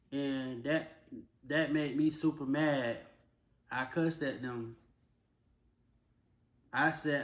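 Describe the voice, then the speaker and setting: A young man recounts a hard personal story in a plain, casual way. His voice sits a bit high for a man. The room around him is echoey. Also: fairly even intonation. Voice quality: casual, plain-spoken, drawn-out retelling. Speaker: vlogger.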